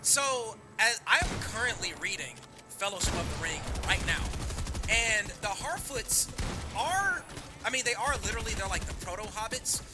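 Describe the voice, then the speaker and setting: An animated man in casual chat, swearing freely. His high voice swings widely. Music plays clearly behind him. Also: normal speed. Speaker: streamer.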